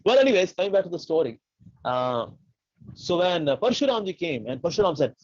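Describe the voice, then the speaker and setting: A man giving an animated devotional storytelling talk who acts out the voices. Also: high-pitched, brisk, no echo, dull audio. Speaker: devotional speaker.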